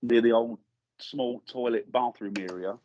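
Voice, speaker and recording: A man, a guest paranormal investigator, telling a lively story in casual chat and acting out the voices he quotes. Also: mid-range voice, a little slow, highs cut off, a little hiss or hum. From England. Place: studio.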